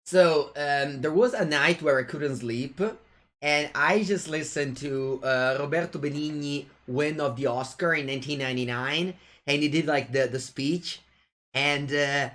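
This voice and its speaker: A card-game streamer with an Italian accent speaks a little slowly in a slightly high, fairly bright voice. During his live gameplay commentary, he playfully chats with viewers and goads his opponent.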